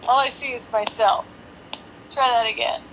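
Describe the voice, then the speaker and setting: On a rough phone recording with a little hiss or hum, a woman livestreams casually from her apartment. Her voice sits on the high side, a bit bright, with fairly even intonation and normal speed, as she chats and jokes to herself until her guests arrive.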